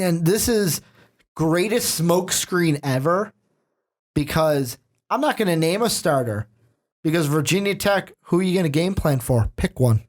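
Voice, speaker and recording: A man hosting a casual sports podcast, joking and asking his co-host questions. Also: a little high. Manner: joking, animated, asks questions.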